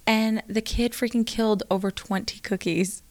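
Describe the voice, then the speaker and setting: A woman's voice: on the high side, normal speed. Chatty woman telling family stories. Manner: chatty storyteller, animated quoted voices. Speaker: co-host. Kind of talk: casual chat.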